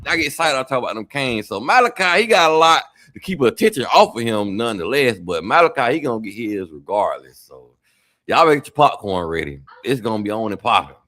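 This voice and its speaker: A male guest with a mid-range voice talking college football. He stays relaxed while reeling off player after player with mounting enthusiasm. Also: medium pitch, fast. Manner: relaxed, rattles off lists of players with growing excitement. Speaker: sports talk guest. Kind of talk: casual sports talk.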